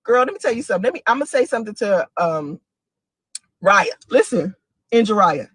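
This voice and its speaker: Woman in her forties, lively storytelling, laughs often, dry close sound. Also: fairly quick, husky, no room sound. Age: 40s. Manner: animated, laughing, dramatic pitch swings. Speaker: single mother telling stories to a friend. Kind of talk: casual monologue video.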